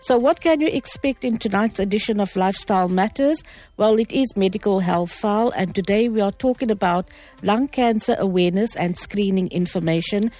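A woman's voice: medium pitch, brisk, warm tone. A South African woman hosting a radio talk show, friendly and chatty, presenting from the studio microphone. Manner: friendly, chatty, greets in several languages.

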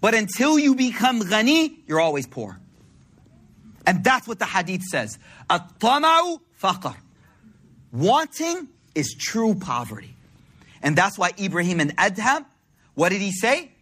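A man's voice: high voice, very animated, moderate pace, a bit bright. A man giving a religious talk to a congregation in a conversational, slangy storytelling way. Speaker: religious speaker.

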